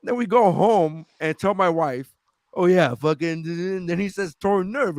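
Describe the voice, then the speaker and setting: A man's voice: high-pitched, unhurried, dry recording, clean studio sound. A man co-hosting a podcast, telling a story in casual chat, acting out quotes and swearing freely. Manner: animated, swears a lot, acts out quotes. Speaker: podcast co-host.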